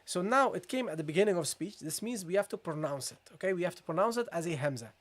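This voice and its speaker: Tajweed teacher in a live class, mid pitch, keeps going "okay, guys", drags out example words slowly. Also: lively intonation. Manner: drills Arabic sounds in slow, drawn-out repetitions. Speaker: Quran recitation teacher. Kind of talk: live online tajweed lesson.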